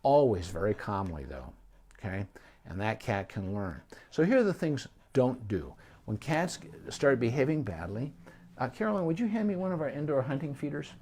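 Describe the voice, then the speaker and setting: Easygoing and unscripted, a middle-aged man gives pet care advice as a veterinarian, his speech conversational and sprinkled with ums and restarted sentences. His voice has a normal middle pitch for a man, a sing-song lilt and a darkish tone.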